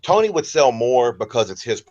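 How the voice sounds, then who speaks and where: A man with a baritone voice and a light Southern American accent, a guest talking in a relaxed, rambling way over a remote call. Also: normal speed, lo-fi sound. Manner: relaxed, rambling, comfortable speaker. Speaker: interview guest. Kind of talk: casual interview talk.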